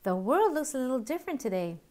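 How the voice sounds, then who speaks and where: A woman's voice: high-pitched, big pitch swings, quick pace, darkish tone, voice pushed up. A woman doing a chirpy little bird. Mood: cheerful. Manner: chirping, upbeat.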